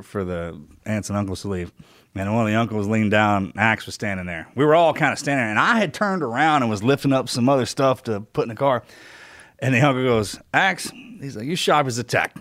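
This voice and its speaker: A man co-hosting a podcast who tells animated stories and laughs often. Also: lowish voice, dry recording, studio quality. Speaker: podcast co-host. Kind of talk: casual chat.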